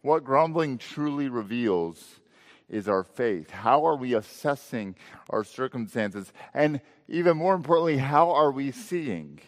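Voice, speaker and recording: A male pastor preaching a sermon, asking rhetorical questions and letting his voice swell and then drop low. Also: animated, measured pace, in a large hall.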